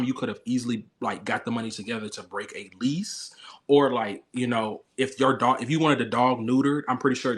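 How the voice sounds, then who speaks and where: A man's voice: medium pitch, fairly bright tone. A man hosting a casual reality TV recap chat over a video call, rambling with lots of fillers. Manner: chatty, filler-heavy, rambling. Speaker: podcast host.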